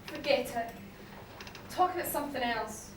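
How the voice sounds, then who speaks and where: A woman's voice: on the high side, expressive, moderate pace, close to an everyday voice. A woman playing a proud, defiant young bride with curt, clipped lines in an amateur stage play, recorded from far off in an echoey hall. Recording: echoey hall from far off, noisy VHS tape.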